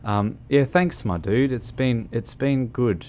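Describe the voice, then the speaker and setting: A man's voice: mid-range voice, takes it slowly, warm tone, slight background noise. A man chatting casually on a gaming livestream, rambling and hesitant with lots of ums. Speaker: streamer.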